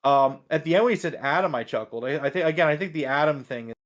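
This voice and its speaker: A man's voice: fairly high pitch, fast. A man co-hosting a podcast in casual chat, talking things through and often repeating words as he thinks. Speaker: podcast co-host.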